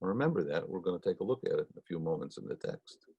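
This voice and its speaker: A man leading a Torah study, telling stories in a folksy, conversational way with frequent pauses. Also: low-pitched, lively intonation, gravelly, warm tone, husky, no echo, lo-fi sound. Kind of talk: storytelling talk.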